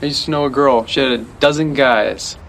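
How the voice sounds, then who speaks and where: A man's voice: medium pitch, steady tone, fairly quick, close to an everyday voice. An actor playing a laid-back man telling a grim story matter-of-factly in a film. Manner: casual, matter-of-fact. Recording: distant film clip with background noise.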